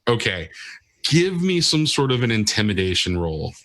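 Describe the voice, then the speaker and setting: Low-voiced man running a tabletop game. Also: big pitch swings, fairly bright tone, no echo. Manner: halting, many fillers and restarts. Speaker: game master.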